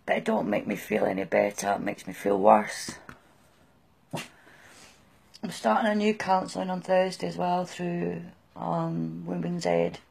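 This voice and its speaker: A middle-aged British woman gives halting, raw, emotional personal testimony. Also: on the low side, gravelly, a little mellow, husky. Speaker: person sharing her experience.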